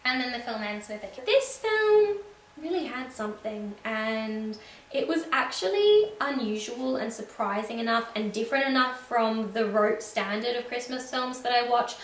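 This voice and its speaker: A woman's voice: fairly high pitch, animated, normal speed. A woman giving a casual, sarcastic recap of a film's plot as a reviewer. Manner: wry, sarcastic asides. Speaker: film reviewer. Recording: echoey room with faint background hum.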